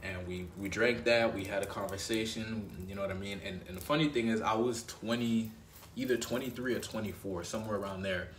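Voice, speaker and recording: A man's voice: lowish voice, brisk, recorded from a distance, a little hiss or hum. A man telling a personal story in a casual, rambling way, often checking in with "right?" and "you know what I mean". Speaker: dating advice host. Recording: roomy echo.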